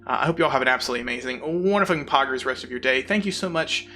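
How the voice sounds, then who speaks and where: A man's voice: mid-range voice, expressive, rapid-fire, bright, forceful tone. A man live-streaming, chatting casually in a rambling, goofy way full of internet slang.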